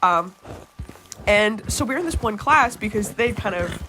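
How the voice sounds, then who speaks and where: A woman's voice: mid-range voice, lively intonation, moderate pace, background noise. Young american woman rambling through a story while gaming, says like a lot, voice jumps all over, game noises and hooves in the back. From United States. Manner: rambling, lots of "like" fillers, swears freely, laughs often. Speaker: gaming streamer. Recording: game sounds and hoofbeats under the voice.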